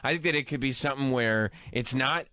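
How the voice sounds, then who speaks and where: A man's voice: medium pitch, pushed and bright, no room sound, studio quality. A man co-hosting a casual podcast chat, joking and laughing often. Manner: joking, laughs often, does quick voices of characters. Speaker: podcast co-host.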